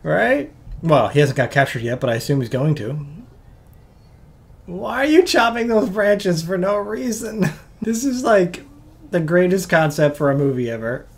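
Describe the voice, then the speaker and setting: A movie reaction host with a Newfoundland accent, chatting excitedly through a film and laughing often. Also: mid-range voice, normal speed, vocal fry. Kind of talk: casual reaction commentary.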